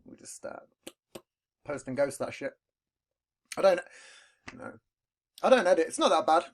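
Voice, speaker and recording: A man's voice: a little high, sing-song, measured pace. A man with a British accent hosting a podcast, chatting casually in a rambling way and swearing freely. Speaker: podcast host. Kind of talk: casual chat. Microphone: podcast recording.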